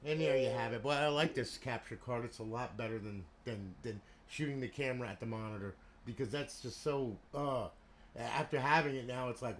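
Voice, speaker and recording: A man's voice: mid-range voice, normal speed. Chatty man with fillers, faint hiss. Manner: chatty, repeats fillers like "you know" and "okay". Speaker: console modder and seller. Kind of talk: casual product walkthrough.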